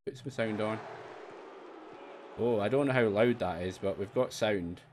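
A man giving live commentary while he streams a football management game, chatty and self-mocking, with sudden excited outbursts. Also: lowish voice, measured pace, a little hiss or hum.

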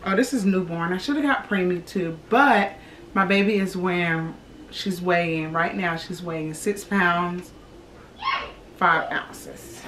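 A woman's voice: lowish voice, a little slow, a bit bright. Woman in her thirties, pregnant, slightly breathless, chatty y'all talk, echoey room, noisy background. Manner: chatty, addresses viewers as y'all. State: heavily pregnant, a bit out of breath. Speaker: vlogger, expectant mother. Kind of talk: casual pregnancy update. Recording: echoey home room, distant camera mic.

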